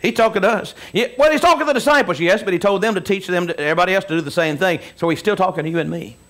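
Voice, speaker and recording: A male pastor preaching a sermon to his congregation, asking them questions and swinging between booming emphasis and quiet low asides. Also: rapid-fire. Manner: call-and-response preaching, asks the congregation questions.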